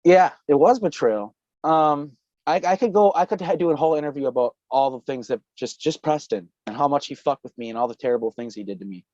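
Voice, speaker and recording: A man's voice: a little high, a little fast, a little mellow, no echo. A man telling a long story as a podcast guest, rambling and swearing, often breaking into laughter. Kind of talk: casual storytelling. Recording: dull lo-fi call audio.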